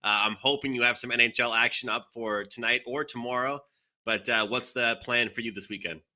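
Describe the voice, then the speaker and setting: A man's voice: medium pitch, steady tone, a little fast, bright, forceful tone. A man hosting a sports betting panel, upbeat, turning to each panelist by name. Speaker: show host.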